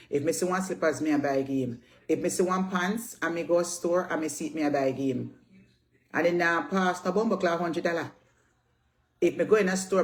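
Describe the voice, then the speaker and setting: Brash Jamaican woman in her fifties. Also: low-pitched. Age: 50s. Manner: brash, scolding, repetitive, swears freely. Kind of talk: heated social media rant.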